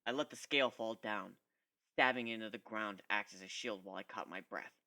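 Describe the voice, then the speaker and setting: A man giving an expressive first-person dramatic reading of a fan fiction story. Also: lowish voice, brisk. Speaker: reader.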